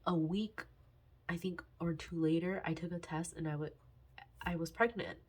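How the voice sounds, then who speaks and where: Casual vlogger, woman in her twenties, husky tone, emotional and near tears, halting delivery. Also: lowish voice. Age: 20s. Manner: halting, sighing, many fillers and restarts. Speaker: budgeting vlogger. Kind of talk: candid personal vlog talk.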